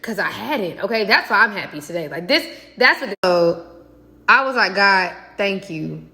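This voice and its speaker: A woman talking casually and excitedly to her viewers in a faith vlog, chatty and direct. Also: medium pitch, moderate pace. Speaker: faith vlogger. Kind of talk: casual devotional vlog talk.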